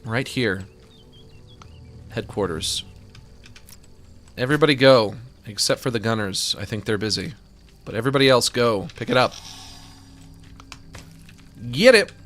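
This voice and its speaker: Animated man commenting on a game. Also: medium pitch, unhurried, pauses often, faint music behind. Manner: excitable, swings between delight and frustration, swears. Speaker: gaming streamer.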